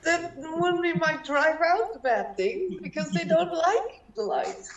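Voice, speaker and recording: A woman's voice: very high voice, a little slow, roomy sound, recorded from a distance, dull audio. A woman playing a tabletop game, chatting playfully about her character's spell. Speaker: player. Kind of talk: casual tabletop play.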